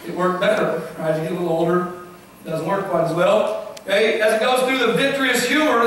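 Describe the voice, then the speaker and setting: A middle-aged man, a guest speaker, gives a lively science talk to a congregation and keeps quizzing them with "okay?" and "right?". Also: high-pitched. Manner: questions the audience often, with frequent "okay?" and "right?". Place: church hall. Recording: very echoey hall, from far off.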